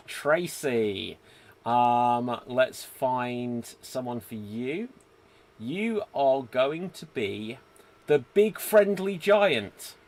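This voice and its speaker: A man hosting a live online improv show, reading viewer comments and setting up scenes. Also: medium pitch. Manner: easygoing, reads out viewer comments, sets up scenes. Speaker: host.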